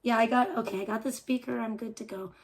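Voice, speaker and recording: A woman from Chicago with a Chicago accent softened by years on the West Coast, streaming live in a casual, rambling chat and often breaking off mid-sentence. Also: fairly high pitch, steady tone, quick pace. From Chicago, USA. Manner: reacts aloud to small mishaps. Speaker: livestreamer.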